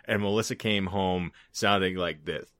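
A man's voice: low-pitched, steady tone, normal speed, fairly bright tone, no room sound. A man co-hosting a casual podcast, rambling and joking crudely, a little congested from a recent cold. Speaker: podcast co-host. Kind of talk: casual chat.

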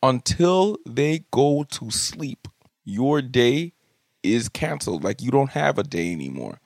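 A young adult man hosting a podcast, telling comic stories about his kids in an animated, jokey way and swearing casually. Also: mid-range voice, slow, vocal fry, no room sound, clean studio sound. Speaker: podcast host. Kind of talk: comedic storytelling monologue. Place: home studio room.

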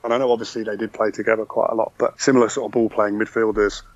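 A man's voice: fairly low pitch, level tone, very fast, dry recording. Podcast guest: man, enthusiastic chatter full of restarts, dry dull-sounding line. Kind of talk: casual football chat.

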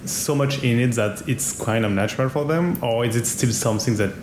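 Hesitant interviewer in an echoey room. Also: male voice, mid-range voice, a little fast, a little mellow, a little hiss or hum. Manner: thoughtful, hesitant, searches for words. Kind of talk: casual interview questions. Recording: echoey room with faint ambience.

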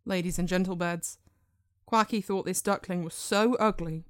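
A woman playing a loud, brash male talk-show host in a comedy sketch. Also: steady tone, normal speed, no room sound, studio quality, lightly acted. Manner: booming, brash.

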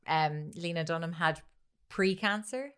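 A woman's voice: on the low side, measured pace, a bit bright, smooth. A woman co-hosting a podcast, telling a story in casual chat, laughing gleefully and acting out the people she quotes. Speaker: podcast co-host.

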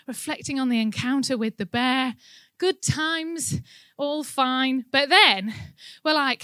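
A woman gives a church talk, spinning a personal anecdote in a lively way with frequent laughter. Her voice sits high and bright. The sound is close and dry. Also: measured pace, no echo. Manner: animated anecdotal, laughing often. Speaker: church speaker. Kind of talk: sermon with personal storytelling. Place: indoor room with an audience.

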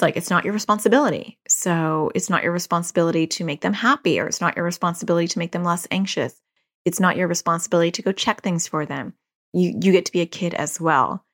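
Woman in her 40s chatting parenting tips on her podcast, somewhat low voice, repeats stuff to make a point. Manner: conversational, repeats phrases for emphasis. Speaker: podcast host and parenting coach. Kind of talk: casual advice talk.

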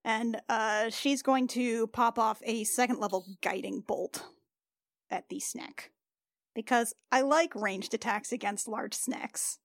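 A woman's voice: on the high side, slow, dry recording, studio quality. A joking woman playing a tabletop game. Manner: joking, easily excited. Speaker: player. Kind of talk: casual tabletop game play.

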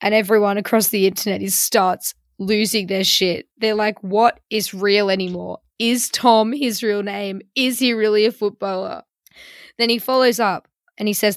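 A woman's voice: mid-range voice, steady tone, normal speed, no room sound. A woman, co-hosting a podcast and telling a funny story in a dry, self-mocking way. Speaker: podcast co-host. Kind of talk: casual storytelling chat.

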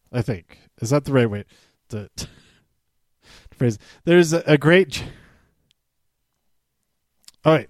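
A man's voice: mid-range voice, no echo, clean studio sound. A man casually recapping a wrestling show. He rambles, with lots of fillers and small laughs.

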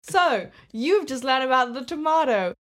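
A woman's voice: high-pitched, animated, moderate pace, fairly bright tone. A woman hosting a podcast, asking questions and laughing often in casual chat. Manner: laughs often, short encouraging replies. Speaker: podcast host.

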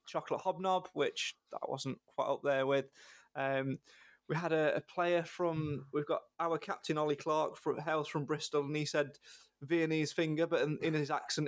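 A man's voice: on the high side, vocal fry, dry recording, clean studio sound. A man, a football fan and podcast guest, telling chatty stories and laughing often. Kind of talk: casual podcast chat.

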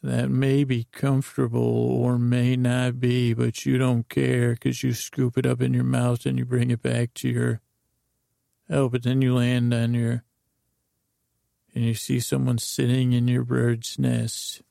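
A man hosting a podcast, telling a meandering bedtime story in a drowsy, rambling monotone full of fillers. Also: medium pitch, unhurried, vocal fry, dry recording, studio quality. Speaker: podcast host.

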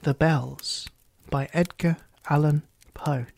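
A reader reciting rhyming verse in a measured way, often dropping to a hushed, breathy near-whisper. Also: mid-range voice, steady tone, no room sound.

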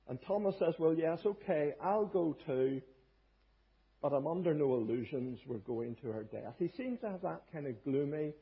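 A man delivers a sermon with a very husky, breathy voice that sits a little high for a man. He speaks earnestly and leans hard on key words, pausing now and then to find his phrasing. The recording sounds dull and lo-fi. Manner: earnest, emphatic preaching with small hesitations. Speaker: preacher.

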